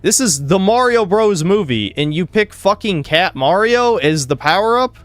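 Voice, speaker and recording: A man's voice: high voice, expressive, normal speed, no echo, soft background music. A man hosting a casual podcast while gaming, rambling and swearing with lots of filler words. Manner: rambling, profane, heavy use of "like". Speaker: podcast host.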